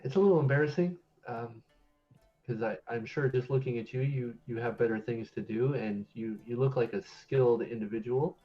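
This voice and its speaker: A man's voice: medium pitch, moderate pace, lo-fi sound, faint music behind, close to an everyday voice. Man voicing a shy young noblewoman. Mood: pleading politely. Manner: hesitant, polite, a bit flustered.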